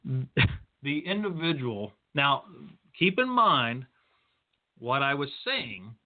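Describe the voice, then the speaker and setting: A man hosting a podcast, giving career advice in a deliberate, lecturing storytelling manner. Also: mid-range voice. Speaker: podcast host. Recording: tinny phone-line sound.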